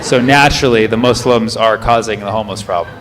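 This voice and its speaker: A man from the United States doing stand-up crowd work, questioning the audience in a quick, playful way. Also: on the low side, music in the background. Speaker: stand-up comedian. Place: comedy club with a live audience. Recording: live stage recording with crowd noise.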